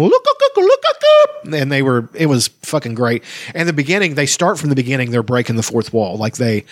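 A middle-aged man with a medium-pitched voice co-hosts a podcast, chatting casually and enthusiastically and swearing a lot. The studio sound is clean, with no room sound.

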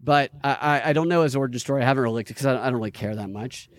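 A man hosting a podcast in casual chat, rambling and swearing, with many halting restarts. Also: mid-range voice, no room sound, studio quality. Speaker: podcast host.

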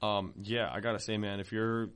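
A man co-hosting a podcast in relaxed, laid-back chat, laughing often and swearing freely. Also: lowish voice, moderate pace, clean tone. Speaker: podcast co-host. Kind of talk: casual chat.

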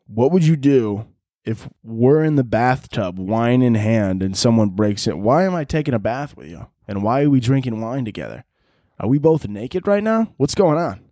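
A man doing a crude, rambling comedy monologue as a podcast host, now and then shouting out other people's lines. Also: mid-range voice, expressive, normal speed, no room sound, clean studio sound. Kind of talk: comedic monologue answering listener questions.

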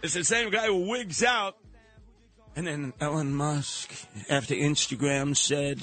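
New radio guy ranting, husky voice, higher pitched, some music underneath. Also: unhurried. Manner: animated, mocking, mimics voices. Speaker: radio talk show host. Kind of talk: opinionated talk radio monologue.

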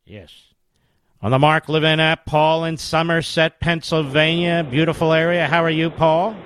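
A middle-aged man hosting a talk radio show in a fairly high voice, combative and emphatic, with sudden leaps in pitch. The sound is close and dry, typical of a studio mic. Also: fairly even intonation, moderate pace, fairly bright tone, clean tone, dry recording.

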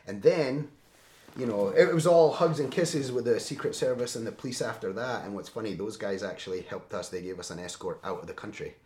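A man telling a story in a casual, animated way, often tagging his lines with "right?". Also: fairly low pitch. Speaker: interview guest. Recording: roomy echo.

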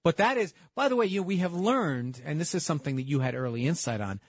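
A man's voice: a little high, lively intonation, fast, breathy edge, no room sound. A man co-hosting a radio talk show, explaining his points earnestly with frequent restarts. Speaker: radio co-host.

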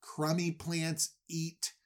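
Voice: medium pitch, extremely slow. A podcast host retelling an old story as comedy, with goofy asides. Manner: animated, goofy, full of asides. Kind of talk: comic retelling of a Bible story.

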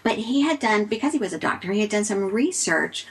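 A woman in a casual chat, telling a personal story in an upbeat way with a slightly breathy voice. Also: expressive, brisk, rough recording. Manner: upbeat, bursts high when playing out quotes.

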